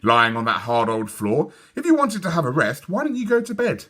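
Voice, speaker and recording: A man doing a shrill excitable little girl. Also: moderate pace, heavily acted. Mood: eager. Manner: high squeaky shouts and eager questions. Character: young girl, bold and excitable.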